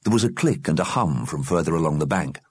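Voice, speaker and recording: Husky male audiobook narrator. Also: rumbling low, animated, quick pace, darkish tone, no echo.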